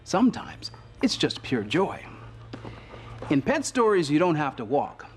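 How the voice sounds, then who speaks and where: Expressive male show host. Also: a little high, measured pace. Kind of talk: scripted narration.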